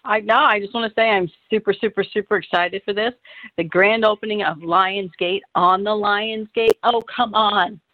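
A woman's voice: mid-range voice, steady tone, moderate pace, no room sound, phone-quality sound. A woman co-hosting a live radio show, giggly and bubbly. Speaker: radio co-host.

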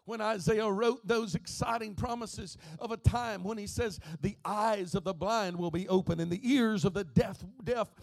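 Pastor, male, high gravelly voice, preaching from hush to shout, dry close sound. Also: normal speed, few pauses, dry recording. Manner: preaching, swings from soft to shouting and half-singing. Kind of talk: sermon.

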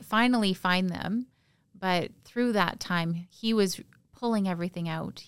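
Halting, gravelly-voiced woman from Canada. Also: lowish voice, dry recording. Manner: halting, emotional, soft-spoken recounting. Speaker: podcast guest. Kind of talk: personal storytelling in an interview.

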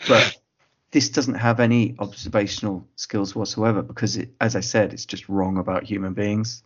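Low-voiced man giving dry film opinions. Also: steady tone, normal speed, lo-fi sound. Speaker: podcast co-host. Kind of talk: casual film chat.

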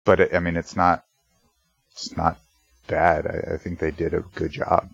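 A man with a very low, gravelly voice taking part in a relaxed panel discussion. He speaks haltingly and hedges his points. The recording sounds dull, dry and lo-fi. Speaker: podcast panelist. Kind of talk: casual discussion.

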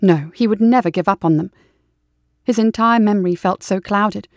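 A woman narrating an audiobook in a steady, even storytelling manner. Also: mid-range voice, moderate pace, no echo, studio quality.

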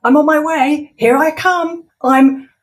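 A woman's voice: fairly even intonation, takes it slowly. A woman reading aloud and voicing a nervous, flustered man who stammers and tries to please. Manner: high, breathless, stammering.

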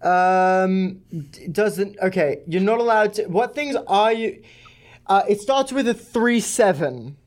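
A man's voice: high voice, lively intonation, slow pace. A man playing a hesitant, fumbling male caller with a put-on accent during a prank phone call, stalling with ums and restarts.

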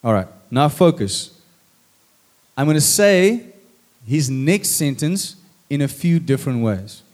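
Lively preacher man acting out scripture. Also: fairly high pitch, takes it slowly. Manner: lively and dramatic, acting out lines. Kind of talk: sermon with acted scripture. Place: church stage with a congregation.

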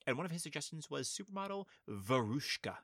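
A man co-hosting a podcast in casual chat, playful and quick to laugh. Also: a little high, big pitch swings, a bit bright, no room sound, clean studio sound. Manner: playful, laughs often, slips into silly put-on voices. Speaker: podcast co-host.

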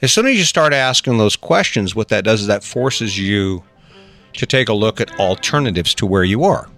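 A man's voice: lowish voice, animated, normal speed, fairly bright tone, faint music behind. A man hosting a solo motivational podcast, talking earnestly and rambling, with many restarts as he acts out inner voices. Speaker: podcast host.

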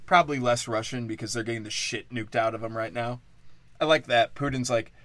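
A man's voice: medium pitch, fairly even intonation, a little fast, fairly bright tone, dry recording. A man hosting a comedy podcast, ranting in a crude, profane, sarcastic way and drifting off his point. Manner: off-the-cuff, loses his thread. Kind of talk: rambling comedic rant.

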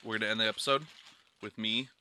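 A man co-hosting a podcast in casual chat, blunt, with constant swearing and loud riffs. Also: on the low side, fairly even intonation, quick pace, clear, resonant tone. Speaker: podcast co-host.

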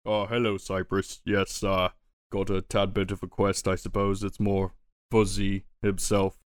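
A man voicing a calm, deep-voiced guildmaster. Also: smooth, no room sound, clean studio sound. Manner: measured, mildly hesitant. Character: calm male guildmaster on a skull throne.

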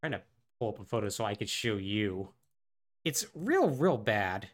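A man co-hosting a podcast, recapping a game with animated, sarcastic storytelling. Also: lowish voice, moderate pace. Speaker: podcast co-host.

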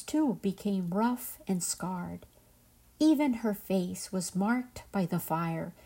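Host reading a folk tale, slow woman, voice set a bit high. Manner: slow, gentle, and expressive. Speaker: podcast host and storyteller. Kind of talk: storytelling.

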